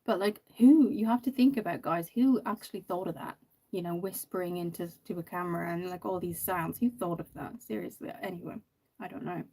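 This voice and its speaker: A woman's voice: lowish voice, fairly quick, warm tone, breathy edge. Chatty woman hosting a makeup livestream. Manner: chatty, rambling, lots of ums and "you know". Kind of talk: casual livestream chat.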